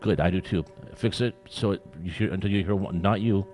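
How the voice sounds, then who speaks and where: A man's voice: low-pitched, fairly quick, darkish tone, faint music behind. A man working as a guest clinician, giving live feedback to a student orchestra in an encouraging, playfully teasing way.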